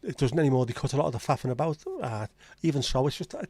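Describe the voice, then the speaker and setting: A Scouse-accented livestream host from Liverpool, England, chats casually while reading live comments, answering viewers with blunt, sweary banter. His medium-pitched voice is very fast and darkish in tone, and the recording is dry.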